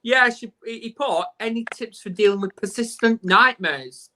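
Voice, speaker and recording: A man's voice: very high voice, normal speed, pushed and bright. Joking northern English man hosting live. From England. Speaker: host. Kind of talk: casual live stream chat. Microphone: video call.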